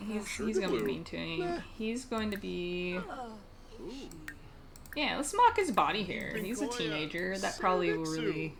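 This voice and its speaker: A woman's voice: fairly low pitch, very animated, moderate pace. A woman giving casual let's-play commentary, chatty and laughing often, with casual swearing. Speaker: gameplay streamer. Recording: game music and sim chatter loud behind. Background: game music and crowd chatter.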